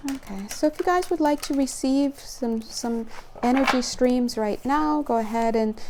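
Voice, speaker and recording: A woman's voice: high voice, normal speed, noisy background. Chatty young woman reading spiritual cards. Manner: chatty and rambling, laughs often, gets excited. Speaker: spiritual card reader. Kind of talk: casual weekly card-reading video.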